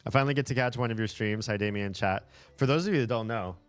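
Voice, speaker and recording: A man streaming live and chatting casually with his viewers, animated and talkative, often laughing and cursing. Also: medium pitch, quick pace, music in the background. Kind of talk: casual livestream chat.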